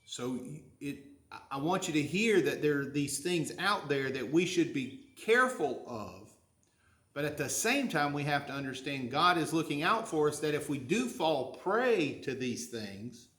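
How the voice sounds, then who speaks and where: A man's voice: on the high side, big pitch swings, unhurried, fairly bright tone, echoey room. A man, preaching a sermon in a folksy, conversational way, full of questions to the congregation. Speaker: pastor.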